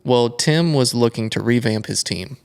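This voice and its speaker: A young American man with a gravelly, medium-pitched voice is a guest on an interview, a flat track racer telling a long story at a moderate pace. His casual storytelling rambles, animated and full of fillers.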